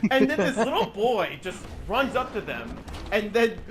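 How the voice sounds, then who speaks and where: Young man, high voice, animated ranting, voice chat, noisy background. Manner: animated, swearing, mocking retelling with quick put-on quotes. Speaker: channel host. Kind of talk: casual chat while gaming.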